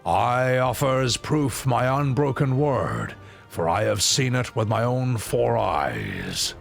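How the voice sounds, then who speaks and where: Gravelly old two-headed lizard king. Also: big pitch swings, heavily acted. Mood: commanding. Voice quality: deep gravelly movie-robot-hero voice. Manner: slow, grave pronouncements. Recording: faint game music behind. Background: faint game music.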